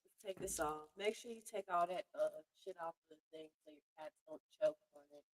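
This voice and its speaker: A woman's voice: lowish voice, brisk, low-quality recording. A woman vlogging casually at home, chatting to her cat and the camera with offhand swearing.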